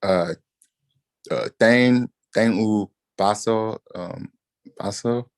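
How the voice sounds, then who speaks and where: Male student, slow halting tries, dry close sound. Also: on the low side, no room sound. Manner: hesitant, halting, self-deprecating. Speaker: language student.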